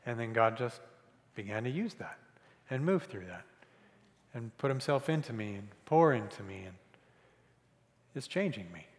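A man's voice: mid-range voice, big pitch swings, normal speed, long pauses. A man preaching a conversational sermon as pastor, earnest and repeating key phrases for emphasis. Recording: reverberant church hall.

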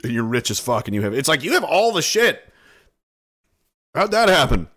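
A man's voice: fairly high pitch, big pitch swings, moderate pace, fairly bright tone. A man ranting in a rambling, sarcastic comedy monologue, swearing often. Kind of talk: profane comedic rant.

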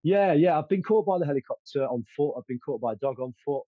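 A man's voice: mid-range voice, lively intonation, quick pace, slightly rough, no echo, phone-quality sound. A man telling stories as an interview guest, confident and boastful, with many fillers and restarts. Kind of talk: casual storytelling.

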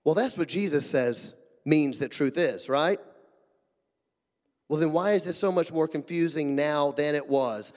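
High-voiced pastor preaching in a hall. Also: male voice, unhurried. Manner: emphatic, rhetorical questions, swings between loud and hushed. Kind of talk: sermon. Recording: long hall reverb.

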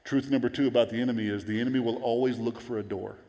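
A man in his forties preaching a sermon, telling stories in a lively way and acting out the voices of the people he quotes. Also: mid-range voice, rapid-fire. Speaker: pastor. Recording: long hall reverb.

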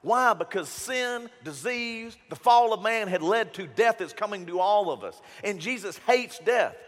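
Animated pastor, high voice. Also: male voice, measured pace, in a large hall. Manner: animated, emphatic, joking storyteller. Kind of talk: sermon.

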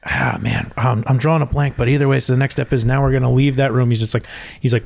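A man's voice: mid-range voice, quick pace, vocal fry, hardly any pauses. Man rambling through a story. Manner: rambling, many "like" and "he's like" fillers; acts out quotes in animated retelling. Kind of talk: casual chat.

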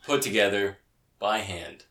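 Hoarse co-host, man, low animated voice, playful, bedroom recording. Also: a little slow. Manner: playful, laughs often. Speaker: podcast co-host. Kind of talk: casual chat. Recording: roomy low-quality recording.

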